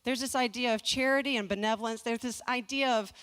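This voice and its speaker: A woman's voice: fairly high pitch, fairly even intonation, fast talker, a bit bright, clean tone. A woman in her forties from the American South giving a humorous personal storytelling speech with comic timing, self-deprecating asides, and restarts. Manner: restarts and repeats words. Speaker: speaker at a community fundraising talk.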